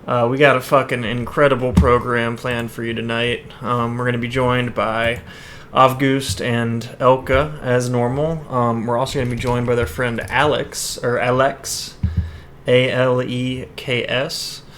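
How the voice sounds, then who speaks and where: Casual male podcast host, bright tone, dry humor, home call mic with faint noise. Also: mid-range voice, unhurried. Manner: deadpan joking, swears a lot.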